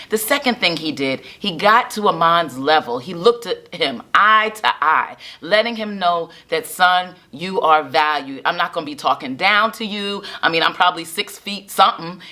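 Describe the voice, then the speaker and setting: A woman's voice: fairly low pitch, sharp tone. A woman hosting her own video show as a parenting specialist, talking enthusiastically to camera and asking rhetorical questions. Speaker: parenting and family specialist, host. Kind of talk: casual video talk to camera.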